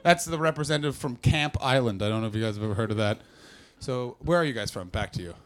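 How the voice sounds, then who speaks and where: A man from Canada doing brash, profane stand-up crowd work, often jumping into loud shouted voices. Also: medium pitch, animated, fast. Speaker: stand-up comedian. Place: comedy club with audience.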